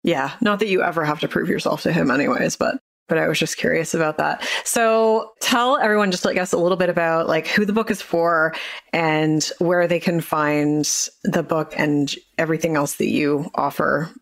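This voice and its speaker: A woman's voice: low voice, moderate pace, vocal fry. A woman hosting a podcast, asking curious questions and laughing along in casual chat. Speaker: podcast host.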